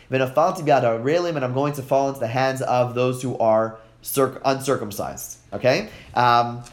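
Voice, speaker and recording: Man, teacher, animated classroom text study, reads verses and translates, praises students. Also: mid-range voice, normal speed, hardly any pauses.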